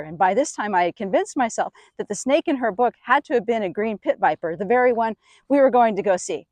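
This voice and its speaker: A middle-aged woman telling a personal story in an animated, expressive way. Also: medium pitch, dry recording. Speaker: speaker. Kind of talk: storytelling talk.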